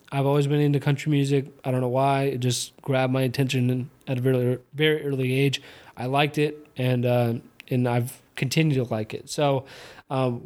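A man's voice: mid-range voice, a little mellow. A young man hosting his own podcast, chatting casually and rambling with lots of fillers and restarts, now and then slipping into a slight Southern twang. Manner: slips into a slight Southern twang on country music. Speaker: podcast host. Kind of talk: casual solo chat while watching fights.

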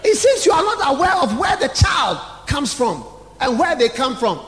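A male preacher delivering a sermon, mocking and shouting as he acts out his congregants. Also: very high voice, sing-song, normal speed, slight background noise. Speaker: pastor. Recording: echoey church hall, long reverb.

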